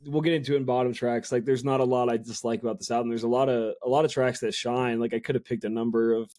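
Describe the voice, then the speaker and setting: A man's voice: mid-range voice, flat delivery, fast, darkish tone, no room sound, clean studio sound. A man co-hosting a podcast, chatting casually about an album and sprinkling his talk with fillers and restarts. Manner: chatty, lots of fillers and self-corrections. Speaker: podcast co-host. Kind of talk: casual music review chat.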